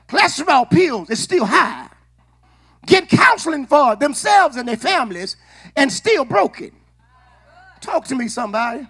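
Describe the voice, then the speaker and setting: High, bright-voiced preacher man. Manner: call-and-response preaching, shouting at peaks. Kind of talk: sermon.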